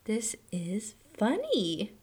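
A woman voicing a little girl who owns the dolls, speaking high and loud with exclamations. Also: huge pitch swings, very slow, husky, full character voice. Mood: puzzled. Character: little girl doll owner, scolding, fussy.

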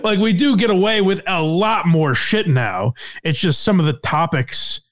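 Animated man with a lively voice. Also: high voice, unhurried, dry recording, clean studio sound. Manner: laughs often, swears, animated. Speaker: podcast host. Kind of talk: casual chat.

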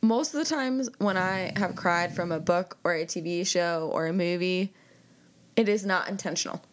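A woman's voice: fairly low pitch, normal speed, a little hiss or hum. A young woman co-hosting a book podcast in casual chat, with a dry, teasing manner. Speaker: podcast co-host.

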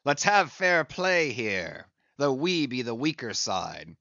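A man voicing Ahab, a stern, defiant old sea captain who gives commands in a measured way. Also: medium pitch, sing-song, gravelly, pushed and bright, no room sound, highs cut off, exaggerated voice.

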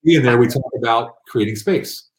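A man telling rambling, animated anecdotes with many fillers in a casual interview. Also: medium pitch, moderate pace, echoey room. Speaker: guest.

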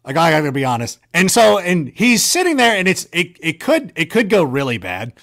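A man chatting casually, spinning rambling, self-mocking stories. His voice sits a little high and jumps up whenever he acts out a line, then drops low when he trails off. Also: wildly swooping pitch, a little fast, fairly bright tone. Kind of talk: casual storytelling chat.

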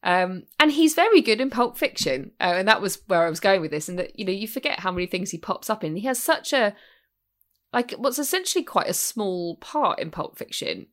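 A woman's voice: mid-range voice, very animated, brisk, fairly bright tone. A woman co-hosting a podcast in casual, chatty conversation, swearing now and then. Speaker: podcast co-host. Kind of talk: casual chat.

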